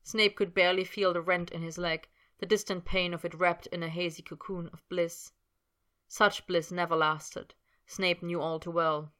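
A woman reading a fan fiction story aloud in steady, unhurried narration. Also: on the low side. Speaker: reader.

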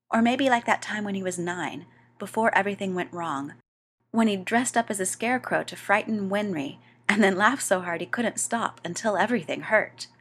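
A woman reading a story aloud as narrator, with a wry, expressive delivery. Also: mid-range voice.

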